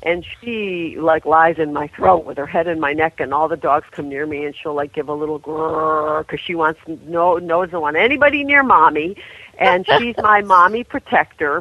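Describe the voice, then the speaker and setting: A woman guest talking with deep feeling and animation about the rescue dogs she loves and a book she wrote. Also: no room sound, narrow, tinny audio. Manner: heartfelt, animated, full of feeling. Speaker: guest, author of a dog book. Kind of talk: emotional interview storytelling.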